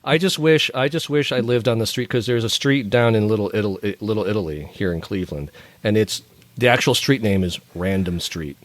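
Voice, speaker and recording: A man's voice: lowish voice, a little fast, dry recording. A man co-hosting a podcast, joking and bantering playfully in casual chat. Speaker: podcast co-host.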